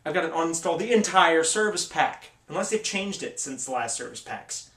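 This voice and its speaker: A man's voice: fairly high pitch, animated, moderate pace, fairly bright tone, roomy sound, distant mic. A man hosting a tech video, ranting casually with sarcasm and exasperation.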